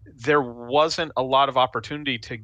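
A man chatting as a soccer podcast panelist, talking in halting restarts with dry sarcasm. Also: mid-range voice, steady tone, pushed and bright, no room sound. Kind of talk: casual sports chat.

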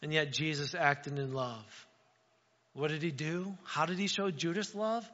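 At a measured pace and in a fairly high voice, a middle-aged man preaches to his congregation in the sanctuary. His sermon is casual and full of stories, delivered conversationally and animatedly, with voices acted out in frequent asides. The audio sounds dull and carries a long hall reverb.

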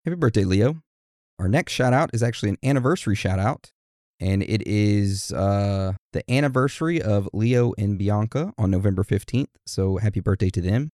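A man reading out birthday shout-outs on a podcast, joking and poking fun at himself. His voice sits on the low side. The sound is dry and close. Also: normal speed, no echo. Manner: joking, self-deprecating. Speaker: podcast co-host.

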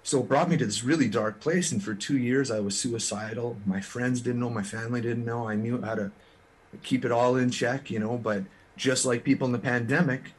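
A man from Canada, a musician guest in an interview, telling his story in an earnest, frank way with quick restarts. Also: medium pitch, steady tone, slightly rough.

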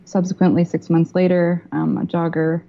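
A woman filmmaker, a podcast guest talking over a video call in a measured, thoughtful way. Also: fairly low pitch, little pitch movement, vocal fry, warm tone. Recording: lo-fi call audio.

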